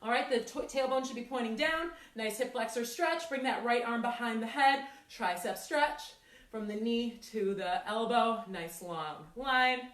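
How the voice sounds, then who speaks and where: A woman fitness instructor leading a workout, energetic and encouraging, counting down the reps and a little out of breath. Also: a little high, a little slow. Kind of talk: live workout coaching. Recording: echoey room, mic at a distance.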